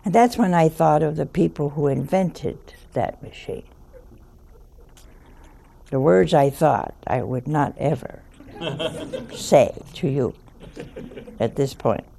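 An older woman telling a story in a slow, folksy way, chuckling as she goes. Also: low-pitched, gravelly, warm tone. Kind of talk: storytelling talk.

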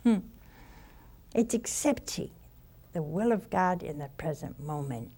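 An older nun gives a relaxed, story-driven spiritual talk. She speaks very slowly, in a slightly low voice with a gravelly fry. She sighs and drops into soft asides. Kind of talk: informal sermon with personal stories.

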